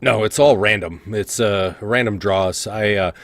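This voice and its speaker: A man's voice: on the low side, a bit bright, slight background noise. A man doing a harried, fussy games referee. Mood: brisk. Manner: harried, hurried, apologetic.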